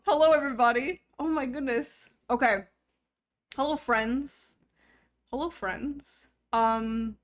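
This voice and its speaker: High-voiced young woman streamer joking around. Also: a bit bright. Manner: joking, rambling, self-mocking. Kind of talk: casual live-stream chat.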